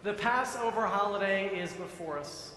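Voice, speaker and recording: A man giving a sermon as rabbi in a synagogue sanctuary, telling stories in a measured way and acting out the voices. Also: high-pitched, noisy background. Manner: storytelling, acts out voices, measured. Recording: echoey sanctuary with long reverb.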